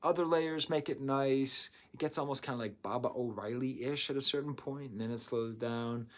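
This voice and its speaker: A man giving a casual album review, rambling into excitable asides. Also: mid-range voice, moderate pace. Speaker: music reviewer.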